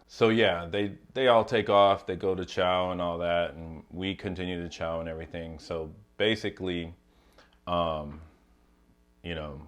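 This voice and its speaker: Deep-voiced man telling a prison story. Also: moderate pace. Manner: loose and profane, lots of fillers and asides. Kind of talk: casual storytelling to camera.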